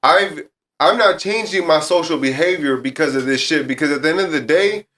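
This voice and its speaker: A man's voice: a little high, fairly quick, a bit bright. A man on a podcast speaking bluntly and candidly, swearing casually. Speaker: podcast co-host. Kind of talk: casual chat.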